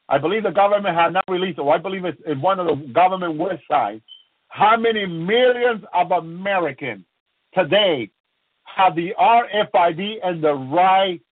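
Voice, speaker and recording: A man delivers an impassioned sermon in a high, fervent voice, halting and repeating prayerful refrains. The sound is tinny and narrow, like a phone line, with a dry, close feel. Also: no echo. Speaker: preacher.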